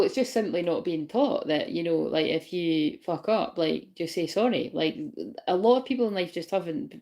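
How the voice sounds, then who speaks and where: A woman giving a casual, rambling spiritual reading to viewers. She swears freely, laughs often and keeps asking whether they know what she means. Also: medium pitch. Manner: laughs often while talking. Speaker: spiritual reader.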